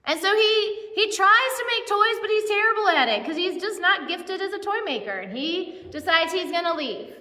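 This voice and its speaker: A woman's voice: very high voice, lively intonation, normal speed, hardly any pauses, sharp tone. A woman pastor giving a casual, conversational sermon, chatty and self-deprecating with many asides. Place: church. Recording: echoey church hall with long reverb.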